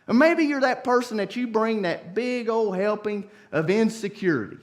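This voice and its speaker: A man preaching a sermon in a church, swinging from soft, hushed pleas up to loud, impassioned climaxes. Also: sits high, animated, moderate pace. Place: church sanctuary.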